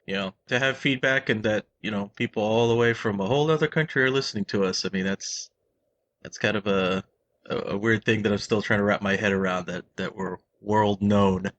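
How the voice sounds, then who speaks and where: A man co-hosting a casual podcast, talking in a relaxed, slightly halting way. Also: on the low side, no room sound, muffled recording. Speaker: podcast co-host.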